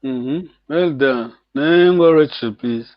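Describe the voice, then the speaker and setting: A man teaching a live online language class, patiently repeating words slowly and chuckling often, over a call microphone. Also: medium pitch, dry recording. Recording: dull, dry lo-fi stream audio.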